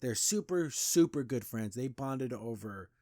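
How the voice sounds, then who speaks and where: A man's voice: mid-range voice, expressive, measured pace, warm tone, no echo. A man hosting a podcast recaps an episode in a loose, rambling way, full of "like" and restarts. His voice sits in an ordinary middle register. The recording is close and dry, with no room sound. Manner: loose retelling with frequent "like" and restarts. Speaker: podcast host.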